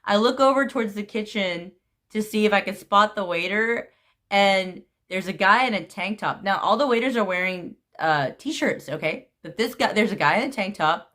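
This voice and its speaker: A young woman from the United States telling a story to her camera in a giggly, animated, gushing way. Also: mid-range voice, normal speed. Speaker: vlogger.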